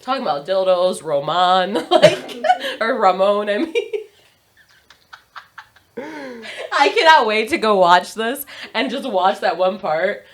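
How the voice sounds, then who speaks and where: A woman's voice: on the high side, animated, takes it slowly, pauses often, recorded from a distance. A young adult woman, a podcast guest, telling a story in casual chat, swearing and laughing often. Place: podcast studio.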